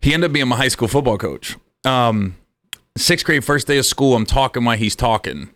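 A comedian telling stories in casual chat, acting out the people in them and laughing often. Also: male voice, medium pitch, animated, moderate pace, fairly bright tone.

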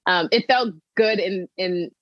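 A woman's voice: medium pitch, measured pace, no room sound, highs cut off. A woman being coached, talking hesitantly with many fillers, candid and emotional about her work. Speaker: coaching client, joy strategist for working moms. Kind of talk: coaching conversation, role-play practice.

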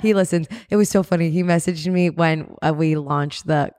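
A woman in her thirties co-hosting a podcast in casual chat, chatty and quick to laugh, mimicking people as she talks. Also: deep voice, fairly even intonation, a little mellow, dry recording, studio quality. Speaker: podcast co-host. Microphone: podcast mic.

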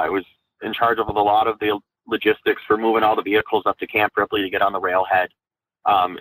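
A young man from Minnesota, an Army veteran, telling his own story candidly in an interview, with many halting fillers and restarts. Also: on the low side, a bit bright, low-quality recording. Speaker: guest, Army National Guard veteran.

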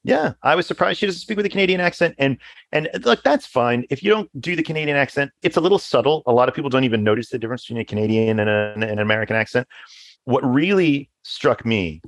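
A man's voice: medium pitch, animated, fast, no echo, clean studio sound. A man co-hosting a podcast, chatting casually in an easygoing, agreeable way. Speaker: podcast co-host.

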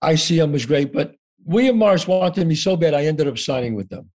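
A man's voice: fairly high pitch, lively intonation, brisk, a little mellow. An older man telling his story as a podcast guest, acting out both sides of each conversation and swearing freely. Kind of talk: animated storytelling.

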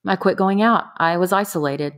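A middle-aged woman candidly recounting her own experience in a conversation, earnest and a bit halting. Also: fairly low pitch. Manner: candid, earnest, trailing off with fillers. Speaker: guest. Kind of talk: personal storytelling in conversation.

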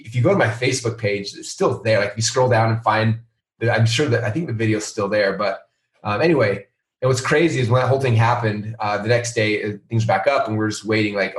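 A middle-aged man, a company founder, telling a story in a casual interview and acting out the people he quotes. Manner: animated, acts out quoted voices in a higher pitch. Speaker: founder and CEO of a software company. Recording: roomy sound, a bit off-mic.

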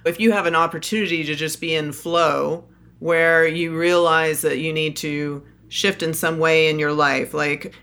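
A woman co-hosting a podcast in casual conversation, explaining her ideas in a reflective, measured way. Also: deep voice, a bit bright. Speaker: podcast co-host.

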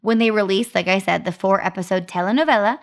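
A young woman co-hosts a podcast in a casual, upbeat voice. Her pitch sits mid-range, and she runs through marketing facts like a story she enjoys telling. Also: quick pace. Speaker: podcast co-host. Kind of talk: casual chat.

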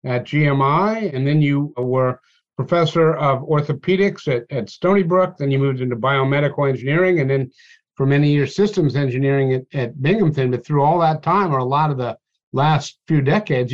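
A man interviewing a guest, summing up the guest's career in measured questions with small restarts. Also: medium pitch. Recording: muffled lo-fi recording.

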